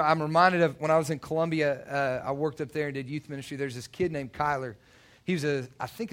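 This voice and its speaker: A man's voice: a little high, a bit bright. A man preaching a sermon, telling personal stories in a loose, conversational way with many restarts. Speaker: youth pastor.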